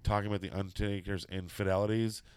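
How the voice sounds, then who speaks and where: A man's voice: on the low side, fast, clean tone, no room sound. A middle-aged man telling a long, profane anecdote in casual chat, acting out the people in it. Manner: profane, animated storytelling with quoted voices.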